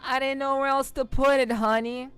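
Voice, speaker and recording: A woman voicing a loud, brash spouse with a New York accent, drawing out "honey" in a wheedling way. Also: high voice, level tone, normal speed, clean tone, soft background music, voice pushed up.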